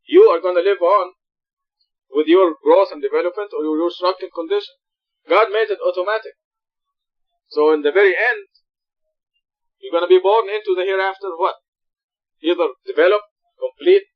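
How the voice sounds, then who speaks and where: A man leads a scripture study lesson, earnest and emphatic as he explains each point. His voice sits high for a man. The recording is dull and lo-fi, as if captured in a mosque long ago. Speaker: religious study teacher.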